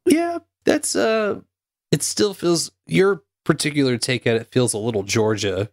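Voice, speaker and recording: Laid-back North Carolina co-host, dry sound. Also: male voice, a little high, expressive, a little slow, dry recording. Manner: laid-back, laughing, cursing. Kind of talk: casual chat on a live stream.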